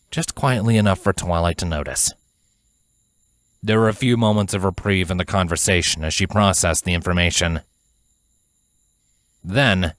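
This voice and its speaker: A man narrating a fan fiction audiobook in a measured, even storytelling manner. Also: low-pitched, no echo.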